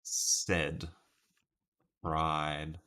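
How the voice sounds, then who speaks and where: A man's voice: very deep voice, level tone, extremely slow, pushed and bright, clean tone. A man casually live-streaming a word puzzle, thinking aloud over his guesses and chatting with viewers by name. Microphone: webcam stream setup.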